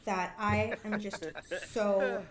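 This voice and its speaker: A woman's voice: medium pitch, little pitch movement, slow pace, a loud crowd. Chatty woman streamer in an echoey room. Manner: chatty, bubbly, self-deprecating. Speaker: streamer and author. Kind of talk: casual live-stream chat and reading aloud.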